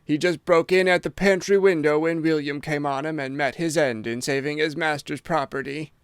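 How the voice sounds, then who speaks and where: A man's voice: fairly high pitch, steady tone, moderate pace, smooth, no echo, clean studio sound, close to an everyday voice. A man voicing a flustered male butler who delivers bad news in an urgent, gasping way. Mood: breathless alarm.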